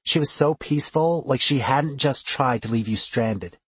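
A man's voice: medium pitch, moderate pace, fairly bright tone, breathy edge, no echo. A man voicing an unhinged woman with several personalities who speaks in a cruel, taunting way.

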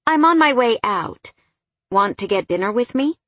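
A woman's voice: on the high side, animated, normal speed, a bit bright, dry recording, pitched above the performer's own voice. A woman voicing a bitter, guarded young man. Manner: bitter, grudging.

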